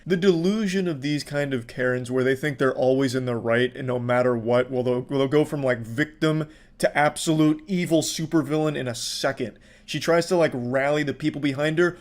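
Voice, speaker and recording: A man casually commenting on videos in a sarcastic, profane, deadpan way. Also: medium pitch, moderate pace. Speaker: online commentator.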